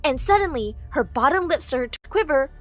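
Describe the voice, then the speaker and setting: Brief: woman storytime narrator, high voice, animated delivery, soft music under it. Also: moderate pace. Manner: animated, acts out the dialogue. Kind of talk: first-person storytime narration.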